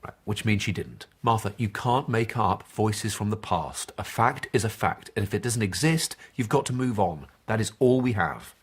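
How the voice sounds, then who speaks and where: An actor playing a dismissive, lecturing PhD supervisor in an audio drama. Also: male voice, fairly low pitch, animated, normal speed, few pauses, slightly rough.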